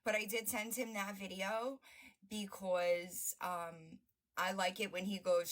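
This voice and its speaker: A woman hosts a livestream and reacts to videos with blunt, profane mockery and frequent laughter. Her voice is bright and forward. She talks in a sarcastic, loose, casual way. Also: mid-range voice, normal speed. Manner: brash and profane, often laughing; mocking and sarcastic. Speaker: livestream host.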